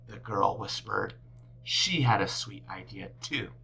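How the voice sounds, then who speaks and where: A woman teacher reading a picture book aloud to children, with big expressive swings in her delivery. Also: rumbling low, a little slow, creaky, slight background noise, poor audio. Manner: animated, big swings for characters.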